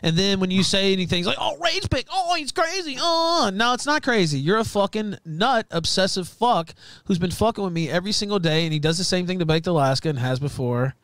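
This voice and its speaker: A man talking as a guest on a stream, aggrieved and profane, with halting restarts. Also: high voice, fairly bright tone, clean tone, dry recording. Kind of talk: casual stream talk.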